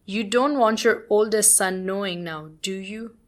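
A woman's voice: medium pitch, a little slow, lightly acted. A woman reading the part of a busy mother who fusses and scolds. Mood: fussing. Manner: fussing.

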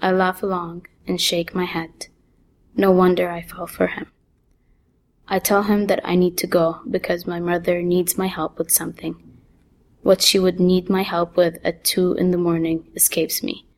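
A woman reads her own short story aloud in the first person. Her voice sits slightly low, and she takes a very slow, calm pace. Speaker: author reading her own stories. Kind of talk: story reading.

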